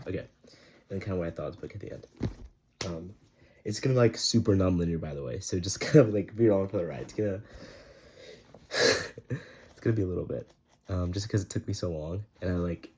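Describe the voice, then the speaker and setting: Young man, deep voice, mellow tone, laid-back slangy book review, lots of ums and likes. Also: creaky, a little hiss or hum. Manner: rambling and slangy, heavy with fillers.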